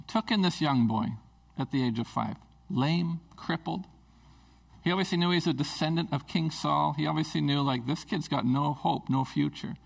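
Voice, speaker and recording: Male preacher, slightly high voice with some fry, conversational and earnest sermon delivery. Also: poor audio. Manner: casual, earnest, with fillers and restarts.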